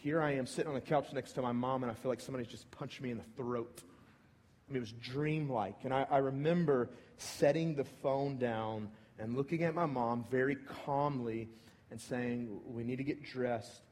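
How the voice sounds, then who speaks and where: A man's voice: mid-range voice, moderate pace. Man preaching in a large echoing hall. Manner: personal storytelling, swinging from hushed to emphatic. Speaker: pastor. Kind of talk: sermon. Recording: long reverb of a large hall.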